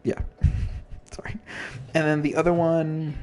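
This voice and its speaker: A man's voice: a little high, monotone, takes it slowly, darkish tone, faint music behind. A man casually explaining an album's story in a rambling, self-interrupting way, with mild slang. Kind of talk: casual commentary.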